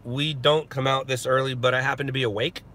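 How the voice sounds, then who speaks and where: This man speaks in a mid-range voice, fairly quickly, with a bright, forceful tone but a flat delivery. He works as a news stringer and is chatting casually with live-stream viewers from a parked car via his phone, joking and laughing often.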